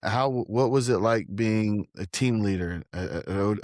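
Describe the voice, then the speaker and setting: A man's voice: on the low side, normal speed, darkish tone, dry recording, studio quality. A man hosting a podcast, asking casual interview questions in an easygoing way. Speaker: podcast host.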